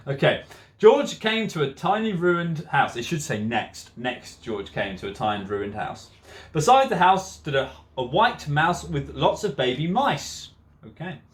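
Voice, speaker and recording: A male teacher reads a children's picture book aloud, giggling as he goes. His voice sits a little high and swings lively from line to line. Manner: giggly, keeps breaking into laughter. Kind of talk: storybook read-aloud.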